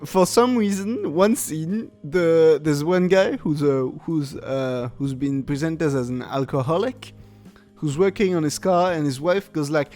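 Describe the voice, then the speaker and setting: A man's voice: on the high side, unhurried, darkish tone, faint music behind. Laughing man rambling through a film review. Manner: rambling, laughs often, lots of fillers. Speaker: podcast host. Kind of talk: casual comedic film review.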